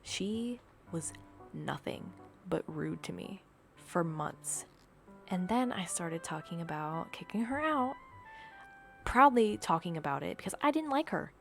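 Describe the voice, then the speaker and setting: A tired young woman chatting casually in a vlog, ranting in a dramatic, exaggerated way with low energy. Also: expressive, measured pace, vocal fry, faint music behind. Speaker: video creator. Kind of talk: casual gaming vlog chat.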